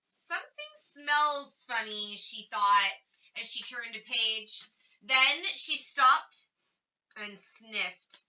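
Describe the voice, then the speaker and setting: A woman reading a children's chapter book aloud with expressive, varied emphasis. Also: fairly high pitch, extremely slow. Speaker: reader. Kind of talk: storybook read-aloud. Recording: slightly distant dull lo-fi recording.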